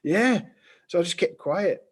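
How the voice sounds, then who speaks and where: A man, co-hosting a casual podcast chat and telling stories in an animated way, laughing easily. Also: high voice, unhurried, breathy edge. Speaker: podcast co-host.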